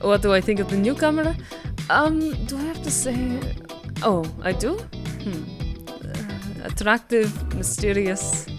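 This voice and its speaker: A woman voicing a cold, blunt huntress in a put-on Russian accent, flat and deadpan. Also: mid-range voice, a little slow, over music, natural voice.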